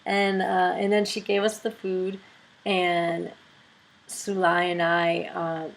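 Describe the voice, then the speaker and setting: A woman video blogger telling a story in a casual, excitable and gushing way. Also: lowish voice, slow, gravelly, slight background noise, poor audio.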